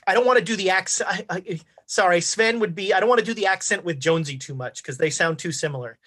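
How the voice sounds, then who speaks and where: A woman narrating as game master of a tabletop game, unhurried and full of fillers. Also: fairly low pitch, a bit bright.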